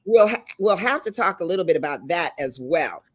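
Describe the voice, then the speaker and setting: A middle-aged woman hosting a casual chat and telling stories with animated delivery. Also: on the low side, fairly quick. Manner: lively storyteller, animated and laughing. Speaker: host. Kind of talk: casual chat on a video call panel.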